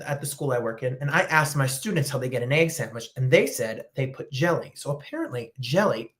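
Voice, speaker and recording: A woman from New Jersey hosting a casual chat, telling rambling stories and reading viewer comments while eating. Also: extremely low pitch. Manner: animated, chatty, rambling storytelling.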